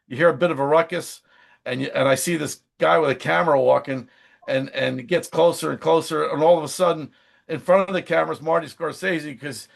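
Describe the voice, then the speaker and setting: Gravelly-voiced man telling stories. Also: a little high. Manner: animated, chatty anecdotes with frequent restarts. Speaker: singer, songwriter and screen actor. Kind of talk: casual interview storytelling.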